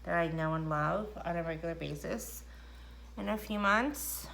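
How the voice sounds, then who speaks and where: A woman's voice: fairly low pitch, normal speed, gravelly, a bit bright, slight background noise. A middle-aged woman chatting casually through a makeup tutorial at home, rambling and self-deprecating. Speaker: makeup vlogger. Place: indoors at home.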